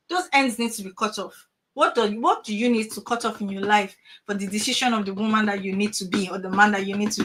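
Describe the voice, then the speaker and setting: A middle-aged woman giving an animated motivational talk to parents over a video call, full of emphatic rhetorical questions. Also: a little high. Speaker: transformational coach.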